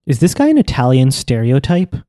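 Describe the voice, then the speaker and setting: A man co-hosting a casual podcast, asking teasing, deadpan questions while recapping a show. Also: mid-range voice, a little fast, dry recording, clean studio sound. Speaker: podcast co-host.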